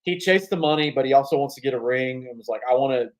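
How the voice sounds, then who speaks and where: A man co-hosting a sports podcast, telling stories in a casual, profane, animated way. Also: mid-range voice, quick pace, low-quality recording. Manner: profane, animated storyteller with bursts of laughter. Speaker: podcast co-host.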